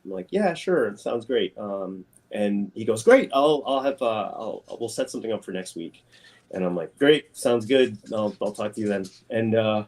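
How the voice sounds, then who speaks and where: A man being interviewed as a guest artist, telling a story with lively, acted-out quotes. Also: moderate pace. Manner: animated storyteller, acts out quotes in a higher voice.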